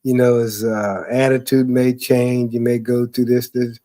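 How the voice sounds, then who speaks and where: A man's voice: medium pitch, little pitch movement, unhurried, warm tone. A man telling loose, profane stories in casual chat, rambling with fillers and laughing often. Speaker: podcast talker.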